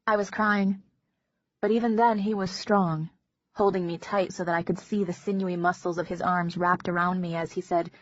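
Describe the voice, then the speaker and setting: A woman narrating an audiobook in a measured, intimate first-person reading. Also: fairly low pitch, flat delivery, dry recording. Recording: dull lo-fi recording.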